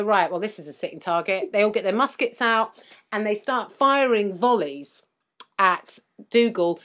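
A woman co-hosting a casual chat, retelling a story and acting out the characters' lines. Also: a little high. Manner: animated, acts out characters' lines while retelling. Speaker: podcast co-host. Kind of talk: casual chat recapping a TV episode.

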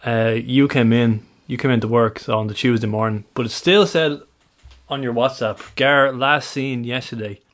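A man's voice: mid-range voice, fairly even intonation, moderate pace, a bit bright. A man co-hosting a podcast, teasing his friend and laughing as he sets up the story. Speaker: podcast co-host. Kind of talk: casual chat, setting up stories.

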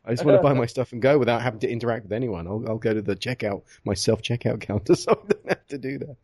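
A man's voice: mid-range voice, quick pace, a little mellow, slightly rough, no room sound, studio quality. A man from England with an English accent hosting a podcast, chatting casually, self-deprecating and chuckling. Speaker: podcast host. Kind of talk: casual chat.

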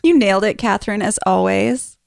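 A woman's voice: mid-range voice, fairly quick, creaky, dry recording, clean studio sound. A woman co-hosting a podcast, chatting in an enthusiastic, encouraging way. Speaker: podcast co-host. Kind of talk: casual podcast chat.

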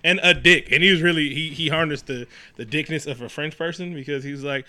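Guy from new york cussing through a movie recap, kinda high and bright, does mocking voices. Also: fast, few pauses. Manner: profane, animated riffing with mocking quoted voices. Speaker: podcast co-host. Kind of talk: casual movie recap chat.

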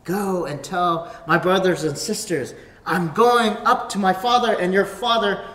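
A preacher voicing an urgent risen teacher. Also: male voice, sits high, measured pace, a bit bright, recorded from a distance, voice pushed up. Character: risen teacher, gentle but urgent, commissioning a follower. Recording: echoey hall, faint room noise.

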